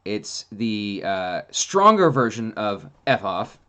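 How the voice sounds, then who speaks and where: A man hosting a casual monologue, telling rambling, animated stories with plenty of fillers. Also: lowish voice, slow pace. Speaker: host.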